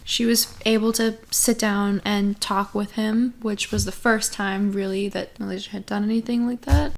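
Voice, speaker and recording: A woman co-hosting a podcast in casual chat, explaining things quickly with lots of "like" and getting heated. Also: mid-range voice, steady tone, vocal fry. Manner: fast, filler-heavy and heated when explaining. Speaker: podcast co-host.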